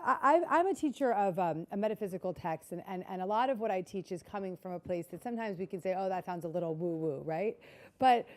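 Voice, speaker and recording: A woman with a lowish, slightly mellow voice delivers a keynote talk before a live audience in a conference hall. She is earnest and repetitive, frequently posing questions to the crowd.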